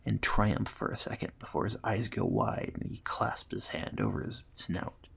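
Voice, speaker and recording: A man's voice: fairly low pitch, normal speed, gravelly, fairly bright tone, husky. A man steadily narrating a fantasy adventure story as its storyteller.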